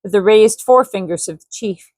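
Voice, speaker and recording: A woman reading a classic adventure novel aloud as a bedtime story, gentle, with casual asides to her listeners. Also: mid-range voice, fairly quick, no room sound. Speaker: storybook reader.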